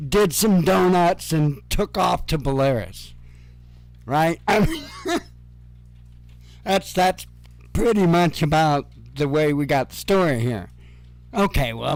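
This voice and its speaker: Slow, sarcastic male commentator. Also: on the high side, dry recording. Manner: sarcastic, profane, chuckling asides. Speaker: news commentary host. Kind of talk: casual news commentary.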